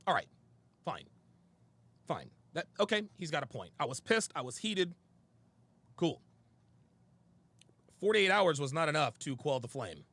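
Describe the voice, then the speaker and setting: A man's voice: on the high side, a little slow, long pauses, dry recording. A man hosting a show, telling a long story in a heated, profane monologue and acting out both sides of a conversation. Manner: animated storytelling, quoting a friend and himself; profane and emphatic. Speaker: show host. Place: studio.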